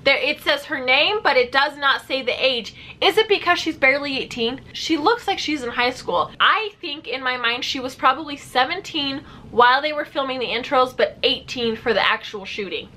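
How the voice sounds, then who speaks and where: Young woman ranting about a tv show, high bright voice, very animated. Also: moderate pace, few pauses, slight background noise. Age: young adult. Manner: animated, sarcastic. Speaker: vlogger. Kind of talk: casual reaction commentary.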